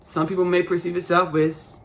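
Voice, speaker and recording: A woman's voice: on the low side, level tone, brisk, creaky. A woman in her thirties with a Texan Southern accent, rambling casually through a spiritual podcast monologue full of repetition and jargon. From Austin, Texas. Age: 30s. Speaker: podcast host.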